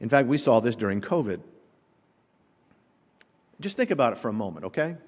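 A man's voice: medium pitch, very animated, a little fast, darkish tone. A man preaching a sermon as pastor, emphatic and full of rhetorical questions. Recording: long hall reverb.

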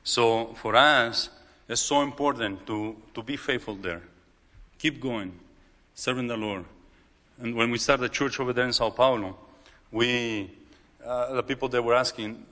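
A man with a Mexican accent, a native Spanish speaker, delivers a sermon in broken English. He stumbles and repeats words, and his bright, forceful voice carries a long echo through a large hall. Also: mid-range voice, steady tone, normal speed. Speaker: preacher.

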